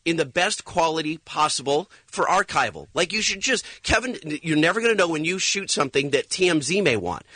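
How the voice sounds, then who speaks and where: A man argues his case insistently on a talk radio show, cutting in whenever others speak. His voice is bright and a little husky, pitched slightly high. The sound is dry and close. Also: expressive, brisk, hardly any pauses, no echo. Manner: insistent, argumentative, talks over others. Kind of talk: casual on-air debate.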